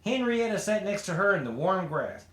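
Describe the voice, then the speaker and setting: Lively, high-voiced man reading a storybook. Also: moderate pace. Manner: expressive, animated. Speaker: storybook reader. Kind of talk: children's story read-aloud. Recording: roomy echo.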